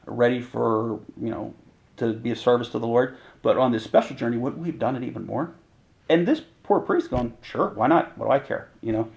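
A man with a gravelly edge to his voice leads a casual Bible teaching. He reads scripture passages aloud, then breaks them down in loose, everyday slang. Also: medium pitch, darkish tone, low-quality recording. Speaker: preacher.

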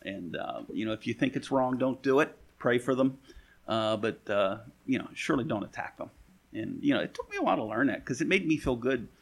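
Male Bible teacher: husky, gravelly mid-range voice, folksy and rambling, dry sarcastic edge. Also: mid-range voice, lively intonation, fairly quick. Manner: folksy, rambling, full of "you know" asides. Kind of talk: conversational verse-by-verse Bible teaching.

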